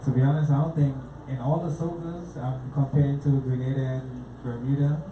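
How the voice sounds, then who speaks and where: Guy dj answering questions, dark mellow voice, mic kinda far. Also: medium pitch, fairly even intonation, a little fast. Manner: brief, hesitant answers. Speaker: guest DJ. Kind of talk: casual interview answers. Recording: roomy, distant mic, faint noise.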